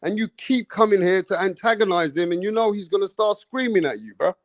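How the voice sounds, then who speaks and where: A man's voice: sits high, animated, brisk, dry recording. A man hosting a live boxing talk stream, blunt and swearing, teasing a chat member.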